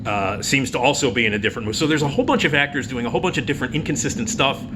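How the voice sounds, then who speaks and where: A man's voice: medium pitch, racing, background noise. A middle-aged man giving a blunt, profane spoken film review, full of fillers and restarts. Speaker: film critic.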